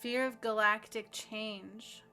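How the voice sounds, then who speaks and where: Bright-voiced woman leading a healing meditation. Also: on the high side, steady tone, clean tone, soft background music. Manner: slow, earnest, speaking affirmations aloud. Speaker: spiritual healer.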